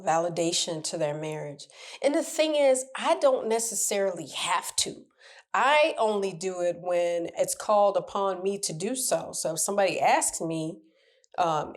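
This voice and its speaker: A middle-aged woman coach giving advice in a casual talk, her voice pitched a little low. She speaks candidly and with animation, often acting out the people she meets. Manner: candid, animated, laughs and acts out quoted people. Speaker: relationship coach.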